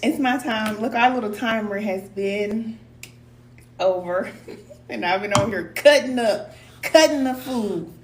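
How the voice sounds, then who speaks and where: A spiritual teacher hosts a live stream, speaking a little slowly in a mid-range voice. She encourages her viewers casually, calls them cousin, and repeats herself for emphasis in loose colloquial speech. The room echoes, the mic is distant, and a faint hum sits underneath.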